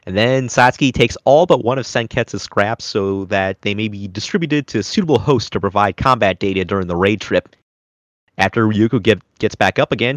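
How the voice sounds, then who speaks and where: A man hosts an anime review podcast, recapping episodes animatedly and now and then dropping into goofy voices. His voice sits at an ordinary pitch, recorded close and dry with no room sound. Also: fairly bright tone, no room sound, lo-fi sound. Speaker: podcast host. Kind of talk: casual anime review chat.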